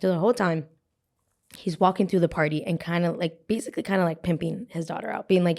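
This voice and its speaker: Young female podcast host, lowish voice, chatty storyteller who acts out quotes. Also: fairly quick, vocal fry. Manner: animated, acts out quotes with a put-on voice. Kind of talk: storytelling chat.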